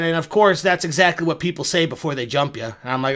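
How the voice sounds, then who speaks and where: A man's voice: fairly high pitch, brisk, few pauses, fairly bright tone. A young man telling a rambling, profane, self-mocking story straight to his viewers. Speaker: video creator. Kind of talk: casual storytelling monologue.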